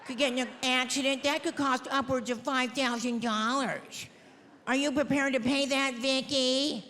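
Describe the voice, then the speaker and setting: A woman's voice: high-pitched, steady tone, normal speed, fairly bright tone. A woman voicing a prim, condescending shelter worker, lecturing in a patronizing tone. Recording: echoey hall with crowd noise.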